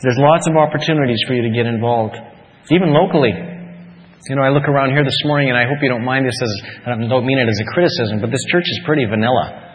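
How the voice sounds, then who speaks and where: Coaxing pastor in a reverberant church. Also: male voice, medium pitch, fast. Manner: conversational, coaxing, rhetorical questions. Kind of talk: sermon. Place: church sanctuary. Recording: dull lo-fi sound with long hall reverb.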